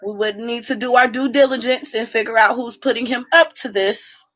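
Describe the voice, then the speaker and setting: Sassy bright-voiced woman streamer. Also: a little high, a little fast. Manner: animated, sassy, talking back to chat. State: drinking while streaming. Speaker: livestream host. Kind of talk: casual livestream chat.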